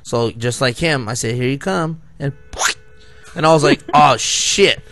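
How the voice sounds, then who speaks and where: With faint music in the background, a man in his thirties co-hosting a casual podcast tells rambling, profane stories, frequently laughing at his own expense. He speaks at a measured pace in a medium-pitched voice that's creaky and a bit bright.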